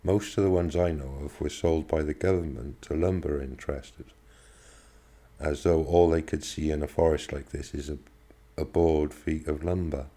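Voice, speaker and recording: A man's voice: very deep voice, steady tone, normal speed, warm tone. A man reading aloud, voicing a fit middle-aged man who talks eagerly about old forests. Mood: earnest.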